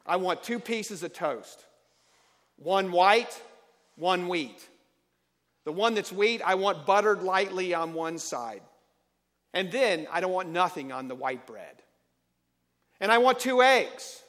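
A man's voice: high-pitched, animated, slow pace, long pauses, a bit bright, in a large hall, voice pushed up, exaggerated voice. A man voicing a fussy, complaining husband who barks his demands. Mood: demanding. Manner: demanding, barking orders.

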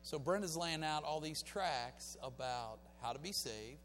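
A man preaching a sermon in a church, swinging between fiery exhortation and quiet, folksy storytelling. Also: on the high side, animated, measured pace, slight background noise. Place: church sanctuary. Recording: reverberant church hall with faint music.

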